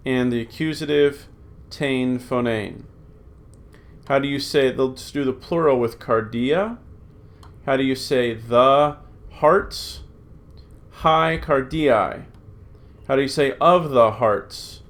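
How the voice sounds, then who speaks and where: This is a man teaching Greek in a recorded lecture, his pitch medium. He drills word forms at a slow pace and reads rules, pausing often with uhs and ums as he thinks aloud.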